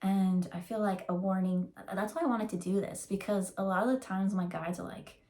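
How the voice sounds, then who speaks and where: A woman talks through a tarot reading in a loose, rambling way, full of "like" and "um" as she searches for words. She gets emotional and slows down to draw out the words she wants to stress. Her voice sits at an ordinary middle pitch for a woman. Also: fairly even intonation, mellow. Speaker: tarot reader. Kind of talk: casual channeled tarot reading.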